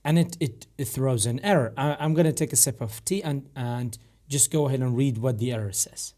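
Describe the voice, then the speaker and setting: Man, programming instructor, rough gravelly voice, stop-start step-by-step explaining. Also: medium pitch, brisk, warm tone. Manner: explains step by step with frequent fillers and restarts. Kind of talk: screen-recorded coding tutorial.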